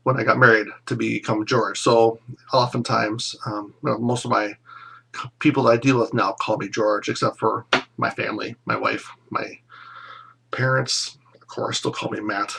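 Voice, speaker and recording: A man in his thirties speaking at an ordinary, middle pitch for a man. He talks casually to old classmates, drifting from one fond memory to the next with lots of pauses and fillers. The delivery is relaxed, personal and unscripted. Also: creaky, slightly rough. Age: 30s. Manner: rambling, fond reminiscing with many pauses. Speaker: former classmate sending a reunion message. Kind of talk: casual recorded video message.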